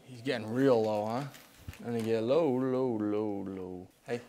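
A man's voice: fairly low pitch, unhurried, dark tone. A young man, a hockey player, chatting casually at an animal shelter, playful and laughing, cooing at the animals in a lapel mic. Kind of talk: casual chat while petting shelter animals.

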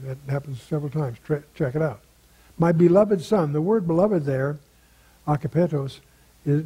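Older man, Bible teacher, husky and mellow, conversational lecture that poses rhetorical questions. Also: fairly high pitch, poor audio.

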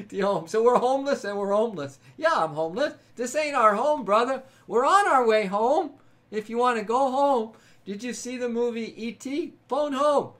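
A man hosting a late-night livestream, chatting loosely and warmly with viewers and calling them brother and man. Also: very high voice, moderate pace. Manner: upbeat, rambling, calls people brother and man. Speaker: livestream host. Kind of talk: casual chat with live viewers.

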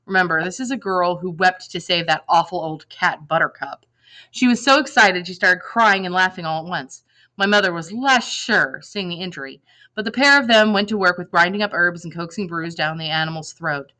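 A woman reading a novel aloud in lively first-person narration, acting out the dialogue. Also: fairly low pitch, normal speed, poor audio. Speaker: reader.

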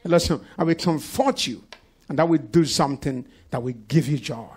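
A man's voice: fairly high pitch, normal speed, darkish tone, husky. A man preaching a sermon to his church, calling out to the congregation again and again. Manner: preaching with call-outs to the congregation. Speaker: pastor. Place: church service.

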